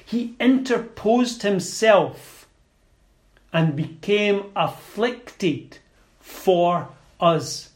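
A man preaching a sermon in a slow, deliberate and emphatic way, with small stumbles and repeated words. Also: sits high, expressive.

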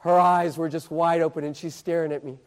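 A man preaching, telling a story as a sermon in an animated way and building suspense with repeated questions. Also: a little high, a little fast. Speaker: street preacher. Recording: echoey hall.

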